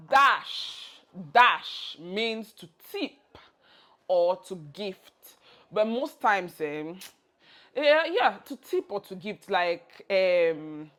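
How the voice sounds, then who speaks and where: A woman's voice: lowish voice, lively intonation, a little slow, a bit bright. Playful Nigerian woman teaching slang. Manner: playful, acts out example phrases. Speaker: language tutor. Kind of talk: casual video lesson.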